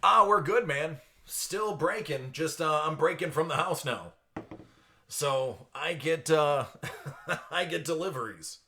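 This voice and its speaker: Bright-voiced man chatting on a live stream. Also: on the high side, expressive, slow pace. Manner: chatty, greets viewers by name, laughs often. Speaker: live stream host for card breaks. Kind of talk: casual live stream chat. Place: at home.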